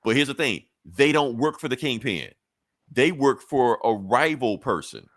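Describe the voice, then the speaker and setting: A man co-hosting a podcast recaps a comic episode in a loose, rambling, profane way. His mid-range voice has lively intonation at normal speed, in a dry, studio-quality recording.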